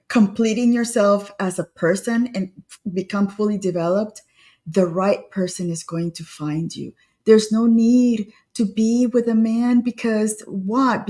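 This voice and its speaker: A woman co-hosts a talk on etiquette and relationships. She gives earnest, direct advice and urges her listeners along. Her voice sits at an ordinary middle pitch. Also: darkish tone. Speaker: co-host. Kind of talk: casual advice chat on etiquette.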